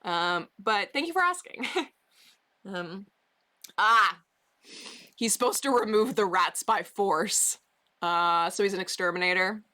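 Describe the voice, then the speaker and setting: Woman, livestreamer, bright voice, rambling casual chat, lots of fillers, basement bedroom. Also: medium pitch, expressive, slow, long pauses. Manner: chatty, rambling, many "um"s and "like"s.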